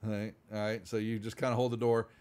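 A man's voice: on the low side, level tone, fast, a little mellow. A man running a tabletop game as game master, narrating in a casual, rambling way.

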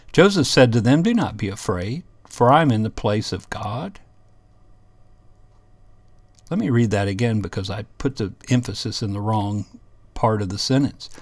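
A man's voice: medium pitch, dry recording. A man teaching a Bible lesson, reading scripture passages aloud and explaining them in an earnest way.

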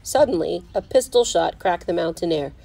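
Woman teacher, reading a chapter book aloud at home, lowish warm voice. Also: moderate pace, rough recording. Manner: steady, clear storybook narration. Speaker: fourth grade teacher. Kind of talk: reading a children's novel aloud.

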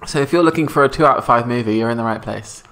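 A man's voice: medium pitch, fairly bright tone. A man co-hosting a comedy podcast, playful and joking as he riffs on a movie idea. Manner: playful, joking, quick to laugh along. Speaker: podcast co-host. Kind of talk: improvised comedy chat.

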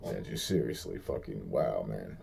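A man's voice: a bass voice, expressive, moderate pace, vocal fry, mellow, slight background noise. A man giving a rambling, profane solo rant, exasperated and repeating himself often. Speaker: vlogger.

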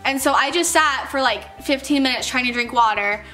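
High, bright-voiced young woman vlogger. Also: moderate pace, soft background music. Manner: chatty, many "like"s, acts out quoted voices. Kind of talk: casual storytelling to camera.

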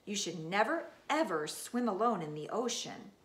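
A woman reading as a gentle, reassuring mom. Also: mid-range voice, animated, normal speed, lightly acted. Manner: soft, reassuring, lightly teasing. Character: gentle mother comforting her young daughter. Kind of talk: reading a children's book aloud. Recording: roomy echo.

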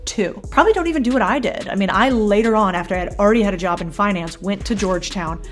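A woman's voice: mid-range voice, rapid-fire, soft background music. Blunt, casual woman giving money advice. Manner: blunt, casual, swears freely. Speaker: business creator and host. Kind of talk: direct-to-camera advice talk.

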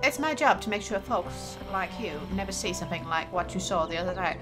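A woman's voice: lowish voice, lively intonation, brisk, over music, natural voice. A woman reading a stern small-town policewoman. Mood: warning.

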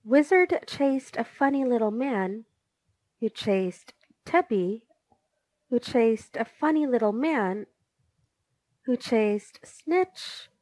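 A woman narrating a children's storybook in an expressive reading. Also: a little high, no echo. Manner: slow, expressive.

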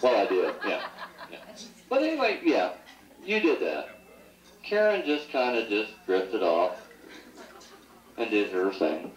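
At an anniversary celebration, a middle-aged son gives a toast in the party room, rambling through joking, teasing anecdotes and laughing at his own stories. His voice is extremely high-pitched, and the audio is dull, an echoey 1980s home video recorded from far off.

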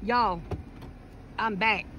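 A woman's voice: mid-range voice, extremely slow, muffled recording. A woman, giving blunt, teasing, profane running commentary while filming on a phone by a road. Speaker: vlogger filming a roadside scene. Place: outdoors by a road in traffic. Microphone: phone camera. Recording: phone audio with road noise. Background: passing traffic.

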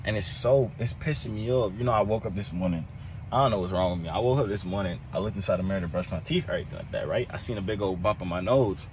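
A young man, chatting casually and rambling on a video blog, and coaxing his cat in high tones. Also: fast, slight background noise. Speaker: vlogger. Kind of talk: casual vlog chat. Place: at home, then in a car.

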